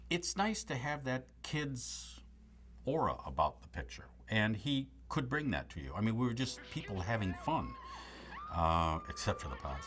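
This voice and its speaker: An older comic actor reminiscing in an interview with a dry, joking delivery. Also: male voice, fairly low pitch, normal speed, a little hiss or hum. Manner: dry, joking, deadpan asides. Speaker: comedic actor recalling a film.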